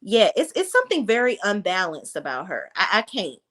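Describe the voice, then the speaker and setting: A woman's voice: mid-range voice, wildly swooping pitch, a little fast, a bit bright. A woman hosting a reality TV review, recapping an episode in blunt, sassy casual commentary. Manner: blunt, sassy, talks straight to viewers.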